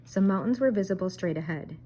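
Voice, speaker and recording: An older woman, a teacher and grandmother, reading a children's chapter book aloud in a gentle, unhurried way. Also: medium pitch, animated, poor audio.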